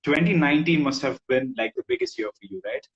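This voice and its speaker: A male host interviewing a rapper over a video call, laid-back, with halting restarts and frequent agreeing backchannels. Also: medium pitch, lively intonation, highs cut off.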